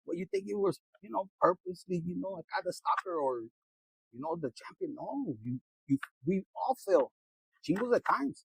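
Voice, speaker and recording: Gravelly high-voiced man giving a tarot reading. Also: lively intonation, moderate pace, dry recording, rough recording. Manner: blunt, profane, preachy; slangy, mixes in Spanish words. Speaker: tarot reader. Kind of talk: casual spiritual reading.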